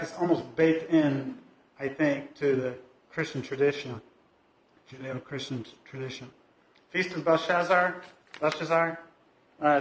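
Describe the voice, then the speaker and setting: A man delivers a loose, conversational talk in a church, thinking aloud and often restarting his sentences. His voice sits a little high. The room's echo hangs around every word. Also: slight background noise. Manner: conversational, hesitant, many fillers and restarts. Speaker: lay speaker at a church service. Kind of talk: informal talk from the pulpit. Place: church sanctuary. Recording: echoey church hall.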